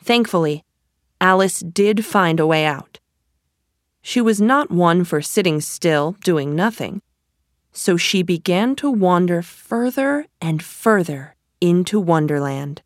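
A woman reading a children's story aloud in a gentle, deliberate storytelling manner. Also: on the low side, expressive, no room sound, studio quality. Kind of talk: slow storybook narration.

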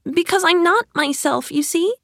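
Woman voicing high, polite little Alice. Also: moderate pace, gravelly, dry recording, studio quality, heavily acted. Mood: polite, puzzled. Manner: high bright childlike voice.

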